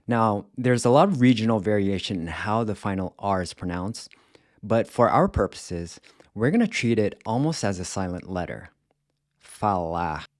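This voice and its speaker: A man teaching a language lesson in a scripted, careful way, repeating words slowly to show how they are said. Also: on the low side, a little mellow, no room sound, clean studio sound. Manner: slow, careful, demonstrates pronunciation by repeating words.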